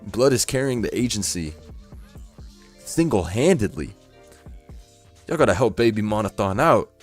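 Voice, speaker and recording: A man's voice: lowish voice, expressive, normal speed, faint music behind. A young man streaming casually, talking in loose slang and laughing often. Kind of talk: casual live-stream chat.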